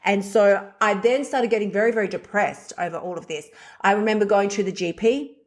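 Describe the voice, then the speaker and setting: A woman's voice: mid-range voice, brisk. A middle-aged woman hosting a podcast, speaking candidly and bluntly in a confessional solo monologue, swearing freely. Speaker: podcast host.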